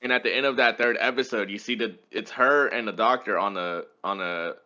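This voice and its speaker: A man's voice: lowish voice, fairly quick, pushed and bright, lo-fi sound. A man co-hosting a podcast, chatting casually and swearing as he talks. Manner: laid-back, swears, laughs between points. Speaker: podcast co-host. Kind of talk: casual chat.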